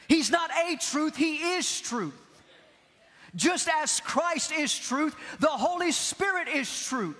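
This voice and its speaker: High bright preacher guy, slow and fiery, big church echo. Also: lively intonation. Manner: impassioned, shouting at peaks, repeating key phrases. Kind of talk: Pentecostal sermon. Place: large church hall. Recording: long hall reverb.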